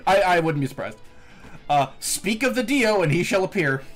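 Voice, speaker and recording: A man hosting a podcast in casual chat, animated, laughing often and swearing casually. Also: high-pitched, normal speed, soft background music. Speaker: podcast host. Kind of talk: casual chat recapping an anime.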